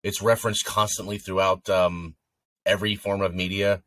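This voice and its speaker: A man's voice: deep voice, little pitch movement, moderate pace, a bit bright, no echo. A man co-hosting a podcast, chatting casually about movies, rambling with lots of fillers. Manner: rambling, filler-heavy, breaks into sung snippets. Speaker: podcast co-host. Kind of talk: casual chat.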